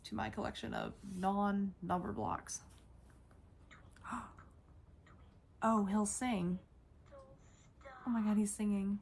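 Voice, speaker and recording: A woman's voice: medium pitch, steady tone, takes it slowly, vocal fry, long pauses, darkish tone, a little hiss or hum. A woman vlogger showing off her toys in a casual, gushing way, often repeating herself. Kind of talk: casual toy show-and-tell.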